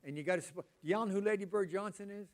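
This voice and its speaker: Older preacher with a drawl. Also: male voice, high-pitched, racing, a little mellow. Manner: rambling, repeats words, chatty asides to the audience. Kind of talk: casual sermon talk.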